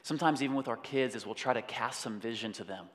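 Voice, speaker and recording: A man preaching a sermon in an animated way, breaking off to act out voices. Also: medium pitch, quick pace. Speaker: pastor. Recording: long hall reverb.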